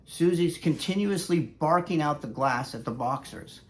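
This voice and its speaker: A man's voice: on the high side, expressive, normal speed. A man who is a dog trainer, telling a story in a casual vlog, rambling and conversational with frequent fillers.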